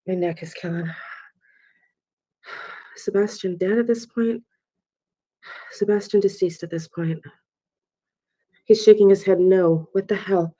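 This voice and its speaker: Woman, psychic medium, live channeling; halting, repetitive, slips into whispers, dark soft tone. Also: mid-range voice, fairly even intonation. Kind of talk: live spirit-channeling session.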